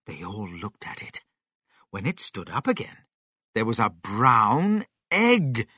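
A man reading a storybook aloud slowly and clearly, with an expressive delivery. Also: on the low side, no echo, clean studio sound.

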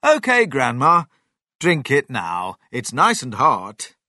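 A man reading a storybook aloud, voicing an excited, scheming father who cries out eagerly. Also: mid-range voice, slow, no echo, studio quality, heavily acted. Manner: eager, crying out.

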